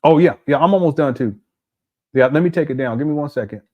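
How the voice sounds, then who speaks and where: A man's voice: fairly high pitch, quick pace, lo-fi sound. Laughing, mocking male commentator. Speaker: commentary host. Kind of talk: casual video commentary.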